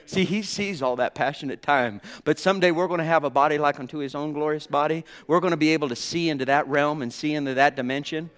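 A man's voice: a little high, fairly even intonation, quick pace, few pauses, clean tone. Fervent man preaching a sermon. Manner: fervent, swinging from hushed tones to ringing exclamations; addresses the congregation as brothers and sisters.

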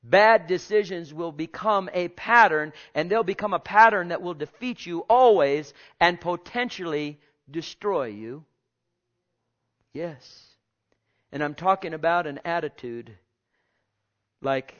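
A male pastor preaching a sermon, swinging between loud and hushed and repeating his phrases, with questions put straight to the congregation. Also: fairly high pitch, unhurried, dull audio. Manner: asks the congregation direct questions.

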